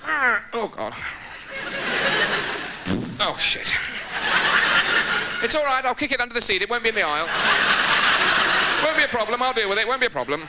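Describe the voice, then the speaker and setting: A man doing a live stand-up routine on a theatre stage, lively and jumping into quoted voices and shouts. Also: very high-pitched, normal speed, long pauses. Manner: animated, jumps into shouted impressions and quoted voices. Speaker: stand-up comedian. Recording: loud background noise, live theatre recording.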